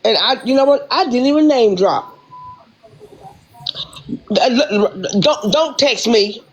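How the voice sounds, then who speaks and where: A woman's voice: on the high side, lively intonation, slow pace, husky, poor audio. A woman venting heatedly on her livestream, repeating herself as she rants. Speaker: livestream host. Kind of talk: casual livestream rant.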